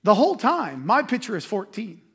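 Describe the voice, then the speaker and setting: A man, a pastor preaching a sermon and telling a self-deprecating story with animated energy. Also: sits high, moderate pace, vocal fry, slightly rough.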